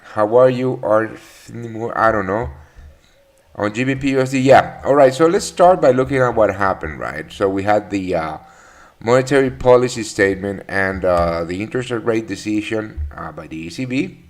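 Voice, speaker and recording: A man's voice: fairly low pitch, expressive, moderate pace. A man hosting a live trading webinar, chatting casually, greeting viewers by name with many fillers and restarts. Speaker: trading session host.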